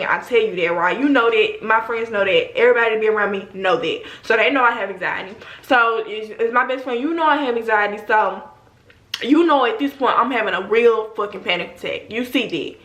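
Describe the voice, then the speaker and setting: A young adult woman vlogger telling a story in a slangy, animated way, talking straight to her viewers. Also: on the high side, brisk. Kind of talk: casual storytime. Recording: roomy echo.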